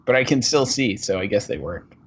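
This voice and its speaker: A man's voice: fairly low pitch, animated, a little fast, breathy edge. A man chatting on a podcast, rambling and hedging through his answers with self-deprecating humor. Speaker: podcast co-host. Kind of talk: casual podcast chat.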